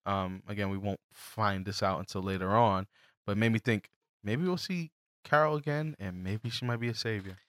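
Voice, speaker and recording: A man co-hosting a podcast, recapping a TV episode in an animated, joking, crude way. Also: lowish voice, normal speed, no echo, studio quality. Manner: animated, laughing, crude jokes. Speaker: podcast co-host.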